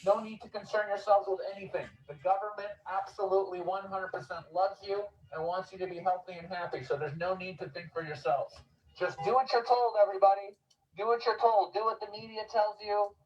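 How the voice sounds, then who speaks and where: A man doing a sarcastic, deadpan street comedy monologue outdoors on a city street, repeating exhortations to a passing crowd. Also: sits high, a little fast, muffled recording. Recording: distant outdoor street recording.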